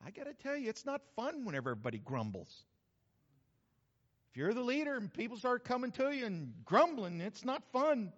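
A man from New Mexico, a pastor preaching a sermon in a folksy, humorous, animated storytelling manner. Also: very high-pitched, moderate pace. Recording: reverberant hall, slightly dull sound.

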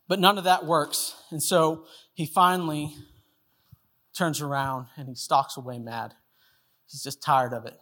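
A man's voice: on the high side, steady tone, measured pace, fairly bright tone. A man preaching a sermon, telling a story in a casual way and acting out the people in it. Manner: storytelling, acts out quoted voices. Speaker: pastor.

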